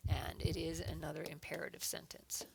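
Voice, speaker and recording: Lady teacher going over grammar slowly, kinda gravelly lowish voice. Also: little pitch movement, noisy background. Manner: patient, explains step by step, reads example sentences aloud with emphasis. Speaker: adult education teacher. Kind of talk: online grammar lesson.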